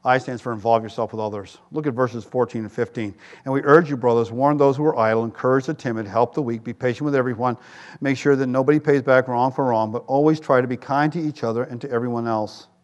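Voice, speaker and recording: A man preaching a sermon as pastor, animated, jumping to loud, high quoted voices and dropping into wry asides. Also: fast, lo-fi sound. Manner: animated, rises to shouts for quoted voices, self-deprecating asides. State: tired.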